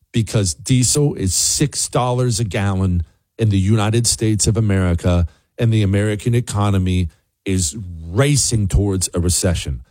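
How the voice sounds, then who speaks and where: A middle-aged man hosting a political opinion monologue, emphatic and animated and repeating points for effect. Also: on the low side, no room sound. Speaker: political commentary host.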